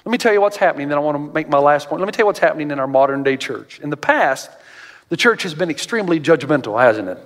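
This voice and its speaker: A male pastor preaching a sermon, animated and storytelling, often jumping up in pitch to act out other people's voices, in a large church auditorium. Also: quick pace. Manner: animated storytelling, jumps high for quoted voices. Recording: long reverb of a large hall.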